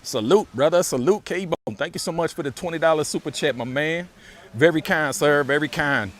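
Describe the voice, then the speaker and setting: A man live-streaming a relaxed walk outdoors by a beach, chatting casually and thanking viewers over and over. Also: a little high, normal speed. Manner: laid-back, thanks viewers for donations, repeats phrases. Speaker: live-streaming walking vlogger.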